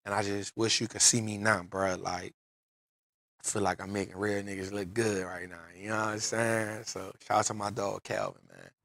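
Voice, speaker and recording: A man's voice: fairly low pitch, flat delivery, normal speed, gravelly, fairly bright tone, dry recording. A man hosting a podcast, telling an emotional personal story in casual street slang. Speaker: podcast host. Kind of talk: casual chat.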